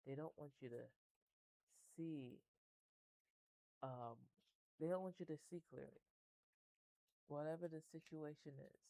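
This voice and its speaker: Casual tarot reader, rambling and chatty, dark mellow tone, dry close sound. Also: medium pitch, vocal fry, dry recording, rough recording. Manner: rambling, chatty, with frequent laughs and casual swearing. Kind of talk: casual tarot reading to camera.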